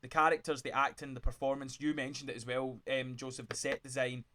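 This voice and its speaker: His delivery flat but pushed and bright, this mid-range-voiced man speaks a little fast. As host of a casual podcast, he argues his point, cuts in on others and keeps restarting.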